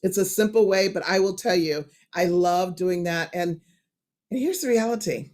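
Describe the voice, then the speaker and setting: A woman with a lowish voice talks at a normal speed as she hosts a storytelling workshop over video. Her animated style ranges from soft, hushed asides to bursts of loud emphasis.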